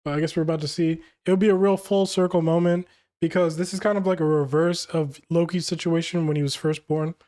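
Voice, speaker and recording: An excitable man reacts to a comic chapter in a loose, slangy way. He laughs often, and his voice sits fairly high. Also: fairly quick. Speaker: manga reaction host. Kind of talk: casual reaction while reading a comic chapter aloud.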